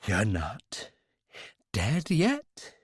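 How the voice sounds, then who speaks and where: A male narrator puts on a merciless hero bent over his captive. He speaks slowly and quietly, with chilling calm and lively pitch, recorded dry and close. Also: breathy edge, dry recording, exaggerated voice. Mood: cold menace. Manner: quiet, implacable, menacing. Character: cold, ruthless male hero interrogating a captive.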